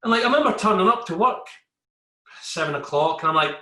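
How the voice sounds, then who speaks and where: An army veteran recounts his story in a candid podcast conversation, acting out exchanges with coworkers. His voice is high, bright and pushed, with lively intonation and a fast pace, in an echoey room.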